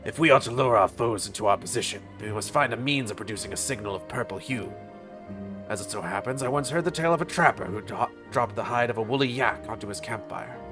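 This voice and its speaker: A man's voice: medium pitch, fast, over music, close to an everyday voice. A man reading an earnest young scholar. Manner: formal, precise phrasing.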